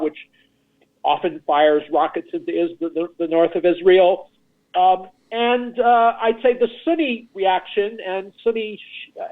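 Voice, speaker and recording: A male foreign correspondent calling in over a tinny, narrow phone line, with a fairly high voice. He lays out facts in a measured way with some halting restarts, and he has the hiccups. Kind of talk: phone-in news commentary. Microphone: telephone.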